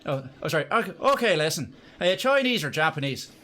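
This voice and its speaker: A man's voice: very animated, quick pace. A man voicing a blunt, drunk butch woman in a pub with a put-on Northern Irish accent and a harsh voice. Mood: brash. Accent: Northern Irish (attempted). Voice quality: harsh, high and loud.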